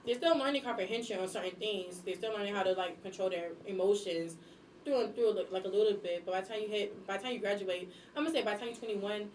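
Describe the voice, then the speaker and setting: A young woman talks fast and bluntly, with lots of energy. She sits back from the microphone in an echoey room. A faint room hum runs underneath. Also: medium pitch, recorded from a distance. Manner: blunt, animated, acts out scolding voices. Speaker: guest, substitute teacher and airport worker. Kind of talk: casual podcast chat.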